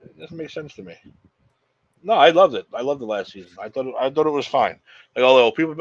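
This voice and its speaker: A man co-hosting a podcast in casual chat, blunt and excitable, swearing freely. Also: mid-range voice, quick pace, no room sound, muffled recording. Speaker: podcast co-host.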